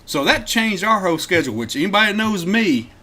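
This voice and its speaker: A man with a high voice talks fast as he co-hosts a podcast, recounting a road trip in easygoing chat. Full of energy, he belts out the quotes as he acts them out and laughs frequently.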